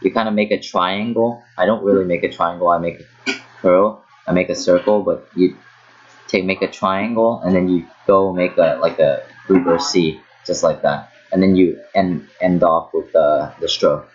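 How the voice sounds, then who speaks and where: A man's voice: sits low, steady tone, moderate pace. A man giving a casual online lesson, often stopping and repeating words as he demonstrates pronunciation, with a hair dryer running in the background. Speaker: language teacher. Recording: dull lo-fi sound with hair dryer noise behind. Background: hair dryer noise.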